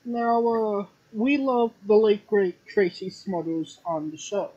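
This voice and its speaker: A host asking casual interview questions with a dry, relaxed humor. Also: mid-range voice, takes it slowly, dull audio. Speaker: podcast host.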